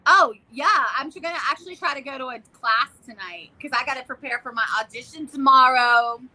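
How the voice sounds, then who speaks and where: A woman's voice: sits high, fairly quick. A woman co-hosting a casual live chat, an actor who talks animatedly and teases her co-host. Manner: animated, teasing, performs voices for others. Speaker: actor auditioning.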